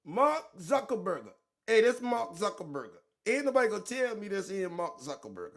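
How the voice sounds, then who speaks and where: A man hosts a reaction show, loud and mocking, in heavy street slang. His voice sits high and swings widely, with a gravelly edge to it. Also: very animated, normal speed. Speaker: commentary show host. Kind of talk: profane reaction commentary on a played clip.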